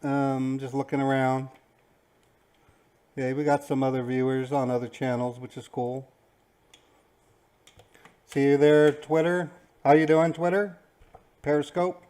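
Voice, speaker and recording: A man's voice: mid-range voice, fairly even intonation, unhurried, pauses often, a little mellow, clean tone. A man hosting a live stream, greeting viewers casually with lots of fillers. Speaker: stream host.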